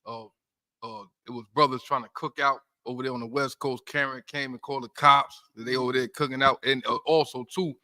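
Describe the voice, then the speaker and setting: A man with a bright, forward voice addresses viewers in a casual discussion. He hesitates often and fills his pauses with "uh.". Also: mid-range voice, fairly even intonation. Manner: hesitant with many "uh" fillers.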